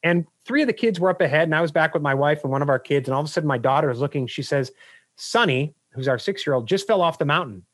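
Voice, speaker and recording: A middle-aged man, a business coach and guest, talking in an energetic, emphatic way full of anecdotes. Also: fairly high pitch, fast, no room sound, clean studio sound. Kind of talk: interview answers.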